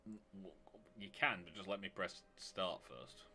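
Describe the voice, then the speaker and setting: A man streaming a space game live, excitable and chatty, reading viewer messages aloud. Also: low voice, normal speed, loud music behind the voice. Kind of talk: live gameplay chat.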